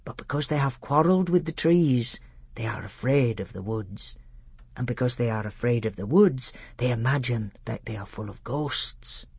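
A man voicing a wise, gentle old male tutor in a measured, earnest audiobook reading. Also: mid-range voice, lively intonation, no echo, studio quality, heavily acted. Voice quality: gravelly, husky. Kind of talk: audiobook character voice.

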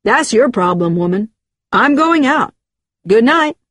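A woman voicing a gruff, impatient father who answers in blunt, dismissive lines. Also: medium pitch, measured pace, no room sound, clean studio sound, natural voice. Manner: curt, dismissive.

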